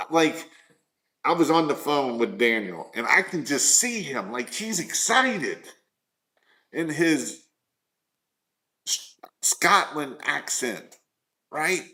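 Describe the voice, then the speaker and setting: A man's voice: a little high, bright, forceful tone. A man coaching small business owners in a live stream, earnest and repetitive, firing off rhetorical questions.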